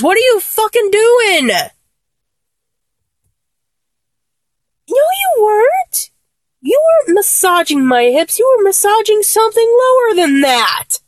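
A woman's voice: mid-range voice, no room sound. A young woman voice actor playing a flustered, blunt young woman in a one-sided audio role-play, exasperated, stammering and swearing.

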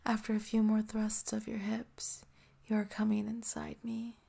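A woman narrating a whispered role-play in a soft, slow, intimate whisper, close to the mic. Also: mid-range voice, monotone, vocal fry, husky.

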